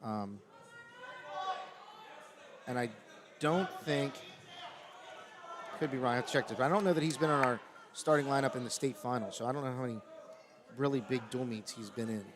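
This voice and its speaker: A man giving live color commentary on a high school wrestling match, explaining tactics in a conversational way and getting excited at big moves. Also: normal speed, pauses often. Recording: loud gym crowd and noise behind. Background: cheering crowd in a gym.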